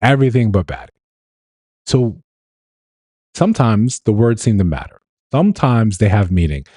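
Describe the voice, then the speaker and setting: A man's voice: on the low side, lively intonation, moderate pace, dark tone, no room sound, studio quality. A man hosting a livestream, giving an opinionated commentary monologue with emphatic repetition and rhetorical questions. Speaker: livestream host.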